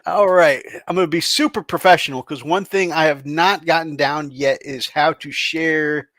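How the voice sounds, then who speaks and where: A man co-hosting a relaxed live chat, cheerful and easy-laughing. His voice sits a little high, and the sound is dry and close with no room around it. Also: moderate pace, dry recording. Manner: upbeat, laughs often. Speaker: co-host of a hobby livestream.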